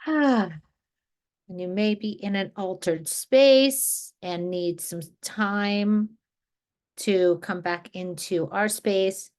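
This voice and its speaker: A woman from New Jersey leading an energy healing group over a video call, talking in a relaxed, rambling way with many restarts. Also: mid-range voice, slow pace. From New Jersey, USA. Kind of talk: casual guided group talk.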